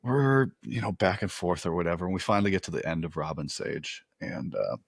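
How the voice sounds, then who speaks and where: Deep-voiced man telling profane war stories. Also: a little fast, vocal fry, husky, no room sound, clean studio sound. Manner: profane, animated anecdote telling. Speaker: podcast guest, former Green Beret. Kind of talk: casual storytelling.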